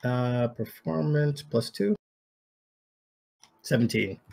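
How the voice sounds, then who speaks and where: A man's voice: medium pitch, takes it slowly, vocal fry, background noise. A man playing a tabletop game who talks casually and hesitantly, repeating himself. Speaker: player.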